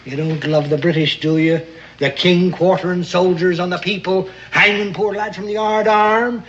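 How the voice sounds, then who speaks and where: An actor playing a gruff, crafty old sea captain who talks in booming, theatrical sailor slang, in a 1960s television drama. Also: male voice, steady tone, moderate pace, fairly bright tone, a little hiss or hum. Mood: scheming. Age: older. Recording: dull old TV soundtrack with music.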